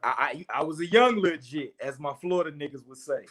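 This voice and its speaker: A man's voice: fairly high pitch, animated, a little fast, a bit bright, husky. A man from St. Louis talking casually about his sneakers, rambling and leaning on "you know what I'm saying". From St. Louis, USA. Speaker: sneaker battle contestant. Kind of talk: casual chat.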